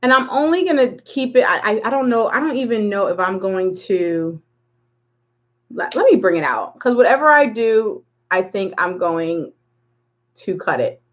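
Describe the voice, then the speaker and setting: A woman's voice: mid-range voice, expressive, moderate pace, lo-fi sound. A woman hosting a live makeup tutorial, chatting casually and rambling while she greets viewers by name. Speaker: makeup livestream host.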